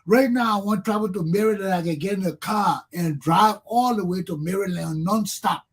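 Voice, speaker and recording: A man's voice: sits high, brisk, slightly rough. A middle-aged Liberian man with a Liberian accent, hosting a talk show and delivering an impassioned monologue full of repeated rhetorical questions. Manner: fervent, repetitive rhetorical questions.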